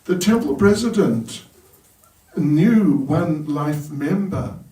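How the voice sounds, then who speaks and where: A monk in a temple hall tells light, humorous stories and chuckles at his own jokes. His speech is unhurried and slightly high for a man. The echoey room and the distant mic leave him sounding far off. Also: expressive, warm tone. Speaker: monk giving a talk at a temple. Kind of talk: storytelling sermon.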